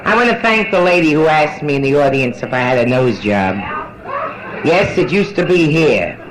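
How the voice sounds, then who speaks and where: Captured in a rough vintage live club recording, a middle-aged woman with a low, expressive voice works through bawdy nightclub stand-up at a moderate pace, brassy and boozy, teasing the audience between jokes. A live band plays and a crowd can be heard.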